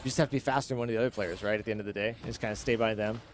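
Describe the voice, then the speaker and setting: A man streaming a game live, chatting with viewers and reacting excitedly as he plays. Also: lowish voice, rapid-fire, a little hiss or hum. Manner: chatty, reads chat, excitable. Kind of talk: live gameplay commentary.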